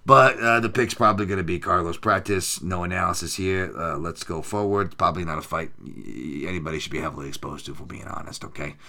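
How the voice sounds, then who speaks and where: A man's voice: low voice, quick pace, hardly any pauses, bright, forceful tone. A man hosting a podcast, giving betting picks in loose, profane, sarcastic banter and reading out the chat. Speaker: podcast host making fight picks. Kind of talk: casual profane livestream chat.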